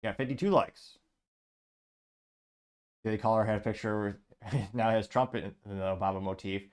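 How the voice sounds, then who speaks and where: Sarcastic low-voiced male commentator. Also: steady tone, normal speed, clear, resonant tone. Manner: sarcastic, wry. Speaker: podcast host. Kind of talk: political commentary reading social media replies.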